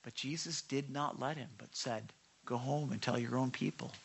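A pastor with a mid-range, creaky, husky voice preaches a conversational sermon at a moderate pace. He asks the congregation questions and acts out quoted lines in lively voices.

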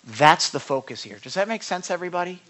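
A man's voice: sits high, animated, fast, a bit bright. A man preaching a sermon to his congregation, conversational and earnest, often checking that listeners follow and rising to passionate emphasis. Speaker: pastor.

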